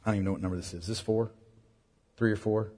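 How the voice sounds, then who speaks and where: Male pastor, husky, earnest sermon delivery, long church-hall reverb. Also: lowish voice, fairly even intonation, racing, darkish tone. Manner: earnest, emphatic preaching to parents.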